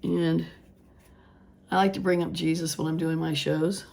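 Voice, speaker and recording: A craft vlogger with a low, hoarse voice chats casually, her voice still gone after an illness. Her delivery is flat, measured, and somewhat dark, and she rambles and thinks aloud with restarts while earnestly preaching about faith.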